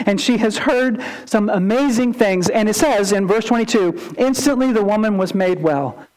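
A male pastor preaching a sermon, animated, acting out quotes and asking rhetorical questions. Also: high-pitched, rough recording.

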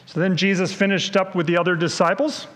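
A man's voice: high voice, level tone, brisk, a bit bright. A man teaching a Bible story by quizzing listeners and explaining as he goes, in a conversational way. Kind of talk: question-and-answer Bible story review. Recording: long hall reverb.

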